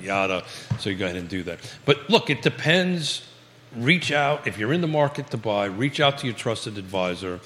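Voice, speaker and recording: A man's voice: mid-range voice, pushed and bright, in a large hall. A man with a Virginia accent hosting a live real estate talk show, folksy and repetitive, calling himself Batman. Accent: American Virginia. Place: local live broadcast studio.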